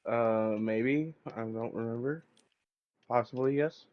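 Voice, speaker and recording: A man's voice: mid-range voice, slow. A young man in casual chat, protesting and swearing indignantly. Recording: muffled lo-fi mic.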